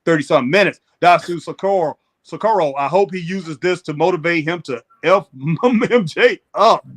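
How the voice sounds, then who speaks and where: A man hosting a wrestling chat show, reading out viewer comments in a laid-back way and laughing often. His voice is somewhat high for a man. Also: moderate pace, a bit bright. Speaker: show host.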